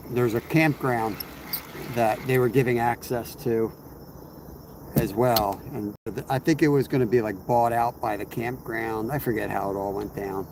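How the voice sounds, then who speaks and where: A man hosting a fishing livestream outdoors, rambling casually and answering viewers' chat as he fishes. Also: medium pitch. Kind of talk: casual live-stream chat while fishing. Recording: outdoor insect and cricket noise.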